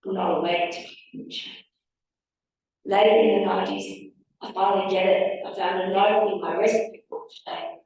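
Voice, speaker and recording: A woman's voice: medium pitch, steady tone, moderate pace, a little mellow, slight background noise. A woman giving a reflective, wry personal talk as a speaker at a public forum. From Australia. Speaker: panel speaker. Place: large hall with audience. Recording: echoey hall from far off.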